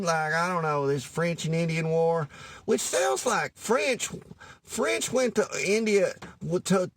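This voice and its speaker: A man's voice: fairly high pitch, no echo. A man from Louisiana with a Cajun accent, delivering a rambling, profane comedic monologue in a folksy way, often losing his thread. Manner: rambling, profane, loses his thread, says anyways a lot; folksy, calls listeners y'all.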